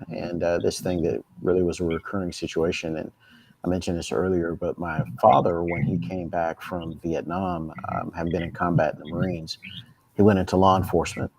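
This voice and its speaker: A man's voice: deep voice, steady tone, moderate pace, dark tone, husky, poor audio. A man on the panel speaking earnestly about his father. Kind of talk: casual panel chat.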